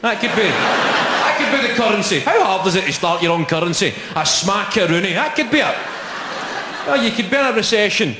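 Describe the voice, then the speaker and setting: Sweary Scottish stand-up comic. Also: male voice, sits high, expressive, noisy background. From Scotland. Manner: fast, sweary, mocking banter. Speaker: stand-up comedian. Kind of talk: live stand-up comedy. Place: large live venue. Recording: echoey hall with roaring crowd. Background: audience laughter and cheers.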